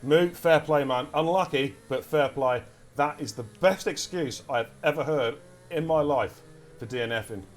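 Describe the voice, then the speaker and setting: A man with an English accent giving lively, chatty live commentary on an esports race and talking to his chat as he goes. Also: fairly high pitch, normal speed, a little hiss or hum. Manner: energetic, chatty, addresses chat directly.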